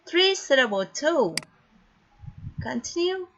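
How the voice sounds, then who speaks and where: A woman teaching an English grammar lesson online, slow, deliberate and encouraging. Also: high-pitched, lively intonation, fairly bright tone. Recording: dull, lo-fi recording with faint noise.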